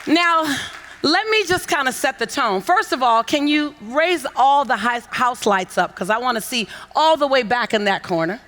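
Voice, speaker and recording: A woman giving a motivational keynote on a conference stage, coaxing the audience into call-and-response and building to shouts with repeated phrases. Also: high-pitched, expressive, normal speed, some chatter behind. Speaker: motivational speaker. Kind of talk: keynote speech to a conference crowd. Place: large conference hall on stage.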